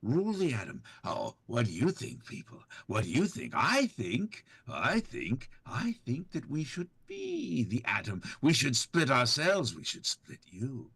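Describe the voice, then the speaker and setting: A man voicing an unhinged irradiated male scientist who swings between calm reason and chaos, with a gravelly voice. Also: a little slow, hardly any pauses, no echo, heavily acted. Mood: manic, unhinged. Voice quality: gravelly, wild pitch swings.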